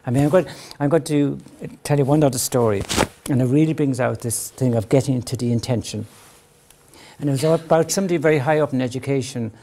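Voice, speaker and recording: Gravelly older man lecturing earnestly. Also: darkish tone. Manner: earnest, often adds a questioning "right?"; acts out parents' voices with rising pitch. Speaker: psychologist giving a talk. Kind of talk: lecture to parents.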